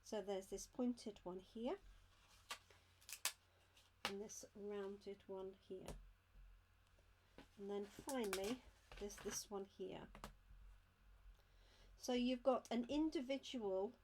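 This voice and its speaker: A woman speaks slowly, pausing often, in a medium-pitched voice as she demonstrates craft supplies during a live unboxing. She chats and explains every step while handling items at her craft desk, with background noise present.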